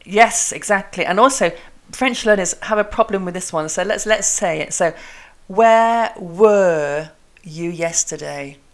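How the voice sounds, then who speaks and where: A woman who hosts a podcast and teaches English, chatting casually while demonstrating tongue twisters slowly and crisply. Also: mid-range voice, a bit bright.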